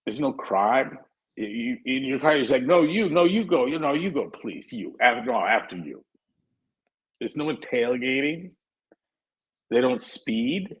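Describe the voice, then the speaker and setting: A man's voice: mid-range voice, lively intonation, measured pace, husky, highs cut off. A man chatting as a podcast guest, blunt and plainspoken with frequent profanity. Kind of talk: casual chat.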